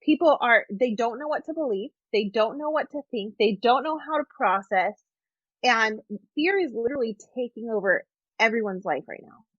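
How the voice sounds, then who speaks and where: A woman's voice: a little high, normal speed, no echo. Candid woman host, dull dry audio. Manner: animated, candid, laughs easily. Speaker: podcast host. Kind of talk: podcast conversation.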